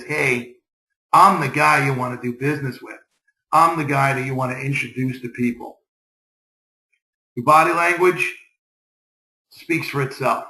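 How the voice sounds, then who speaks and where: Man, motivational business presenter, upbeat exhortations, forceful bright tone, roomy echo. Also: a little high.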